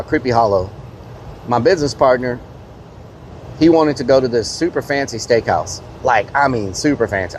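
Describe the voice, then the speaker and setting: A man's voice: medium pitch, a little hiss or hum. A man, a streamer casually telling a rambling story to his live chat, full of fillers and mild swearing.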